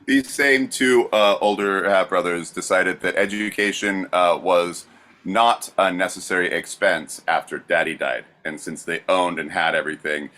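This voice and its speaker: A man co-hosting a podcast, casually recounting history with many pauses and fillers. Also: low voice, fairly even intonation, pushed and bright. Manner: plain, with frequent fillers. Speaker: co-host.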